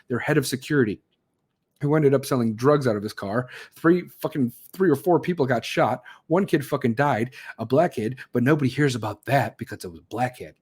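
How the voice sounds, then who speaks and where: A male podcast host goes on a profane rant, swearing nonstop, angry, and mocking people in put-on voices. His voice is medium-pitched with a darkish tone and a breathy edge.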